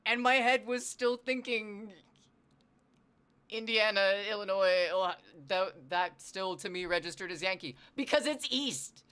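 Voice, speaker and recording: This Northwestern US streamer has a clean, medium-pitched tone and talks in an unhurried way. They chat casually with viewers, animated, poking fun at themselves and swearing freely.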